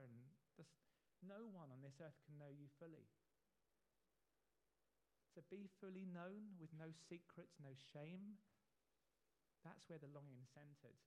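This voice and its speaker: A man preaching a sermon, earnest and emphatic, repeating key phrases and slowing down on the words that matter, with homely asides. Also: fairly high pitch, darkish tone. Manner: earnest, emphatic, with repetitions and slowed stresses.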